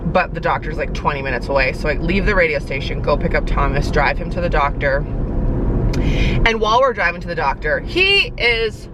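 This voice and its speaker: A woman's voice: sits low, lively intonation, brisk, heavy background noise. A young woman vlogging in a casual, rambling way, telling a story and saying "like" a lot. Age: young adult. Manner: chatty, rambling storyteller who says "like" often. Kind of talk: casual vlog chat. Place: car and home.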